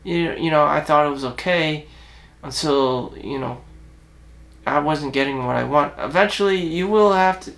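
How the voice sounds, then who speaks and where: A man with a gravelly, raspy voice and a fairly high pitch for a guy. He rambles through a self-reflective monologue in a blunt, profane way. He stops and restarts his sentences often. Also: fairly bright tone. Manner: halting, with frequent restarts and fillers. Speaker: self-help vlogger.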